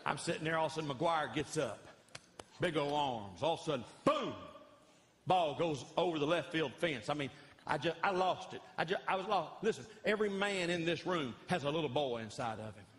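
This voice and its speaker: A middle-aged man telling animated, folksy comic stories as a Christian comedian in front of a live audience. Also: fairly high pitch, a little fast, a little hiss or hum. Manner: folksy, animated, acts out voices of others. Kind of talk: live stand-up storytelling. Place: church hall with a live audience.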